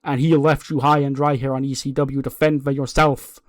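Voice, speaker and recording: A man's voice: medium pitch, little pitch movement, normal speed, dry recording, studio quality, lightly acted. A man voicing a brash, gloating male wrestling champion who cuts a boastful promo and talks down to his rivals. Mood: taunting. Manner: boastful, taunting, talks down to others.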